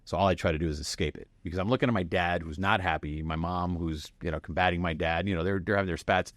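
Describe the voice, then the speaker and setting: A man's voice: deep voice, fast talker, no room sound. A man in his forties from Miami, a podcast guest telling candid stories and acting out the people in them. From Miami, United States. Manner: animated storyteller who acts out quoted people and laughs often. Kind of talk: candid storytelling interview.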